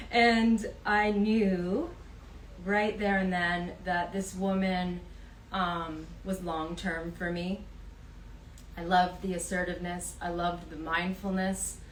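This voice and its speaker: A woman hosting a casual live wellness chat, talking gently and unhurriedly with many ums. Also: lowish voice, flat delivery, takes it slowly, slight background noise. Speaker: host. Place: in Vancouver. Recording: echoey room, voice from a distance.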